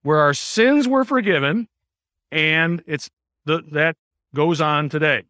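A man teaching a Bible class in a room with a small group, explaining in a conversational way and often pausing to put questions to the class. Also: on the high side, sharp tone, dry recording, clean studio sound. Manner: explanatory, asks the class questions, many uh fillers.

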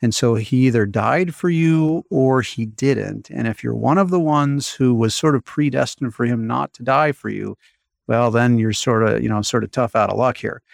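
A man's voice: medium pitch, normal speed, vocal fry, dry recording, studio quality. A man teaching Lutheran doctrine in an earnest, emphatic way, often asking rhetorical questions. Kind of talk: radio-style catechism teaching.

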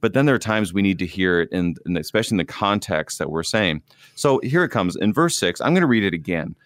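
Male preacher co-host, low-ish voice, dry room, animated and wry. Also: quick pace, dry recording. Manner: animated, self-deprecating, quotes scripture. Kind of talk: conversational Bible discussion.

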